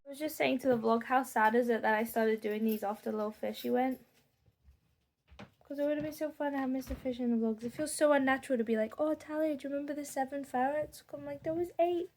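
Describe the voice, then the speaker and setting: A young woman in her home, talking softly and heartfelt to camera in a rambling video diary. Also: a little high, fairly even intonation, quick pace. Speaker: vlogger. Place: home room with pet enclosure.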